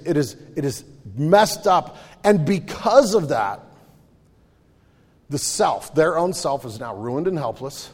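A pastor delivers an animated sermon in a church, his voice sitting a little high and talking casually to the congregation. Long reverb from the hall trails behind every phrase. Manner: conversational, animated, acts out voices in his stories.

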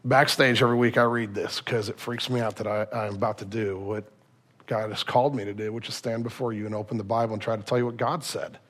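A man's voice: lowish voice, level tone, quick pace, a bit bright. A man preaching a sermon to his church congregation in a conversational, self-deprecating way, joking with the listeners. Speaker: pastor. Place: church sanctuary.

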